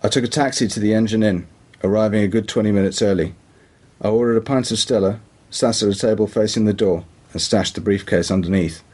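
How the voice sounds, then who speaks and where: A man's voice: fairly low pitch, fairly even intonation, a little fast, darkish tone. A man with a British accent reading a crime audiobook in a dry, matter-of-fact way. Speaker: narrator. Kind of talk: audiobook narration.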